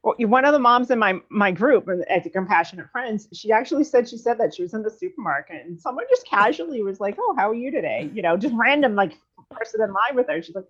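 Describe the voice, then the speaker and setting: A woman guest in a candid talk about grief, chatty and quick to laugh as she tells stories. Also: a little high, lively intonation, a bit bright. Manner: chatty, laughs often while telling stories. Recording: dull lo-fi recording.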